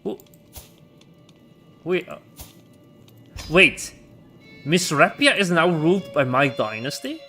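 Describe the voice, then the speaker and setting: A man giving live commentary as he plays a strategy game as a streamer, reacting aloud in an excitable way and laughing often. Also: on the high side.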